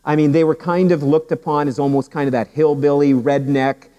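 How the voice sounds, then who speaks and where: Man preaching with lively stories. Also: a little high, fairly quick, big-room sound, low-quality recording. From Canada. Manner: animated storytelling with humor, many repeated words. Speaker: pastor. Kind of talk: sermon.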